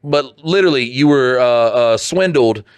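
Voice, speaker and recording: This podcast co-host has a mid-range, animated voice at a normal pace, captured smoothly with no room sound. He reads listener letters aloud in crude banter, staying blunt and profane and slipping into mocking put-on voices.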